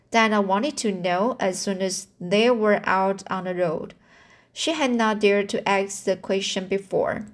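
A woman reads a classic novel aloud at a slow, careful pace. She stumbles often, backing up with fillers and restarts, and her pitch sits in the middle range. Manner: halting, with slips, fillers and restarts. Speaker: amateur reader.

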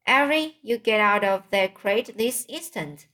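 A woman's voice: mid-range voice, lively intonation, a little slow, sharp tone. A woman voicing a stern farm mother in a storybook, scolding and commanding.

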